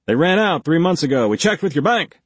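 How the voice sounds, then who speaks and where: A male audiobook narrator voicing a pushy police interrogator who badgers with rapid-fire leading questions. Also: fairly high pitch, very animated, breathy edge, no room sound, voice pushed up. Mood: badgering. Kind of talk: audiobook character voice.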